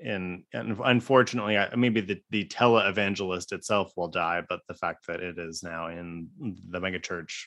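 Guy cohosting a podcast, kinda low voice, rambles n restarts a lot. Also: little pitch movement, moderate pace, few pauses, fairly bright tone. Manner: rambling, restarts often, wry laughs. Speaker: podcast co-host. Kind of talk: casual podcast chat.

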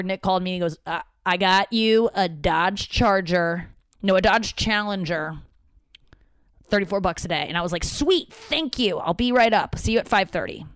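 Smooth and lowish, this woman's voice comes through with dry, studio-quality sound. She's a podcast host from around St. Louis, recording in her father's home office, casually telling stories with profanity, self-deprecation, and quotes from others.

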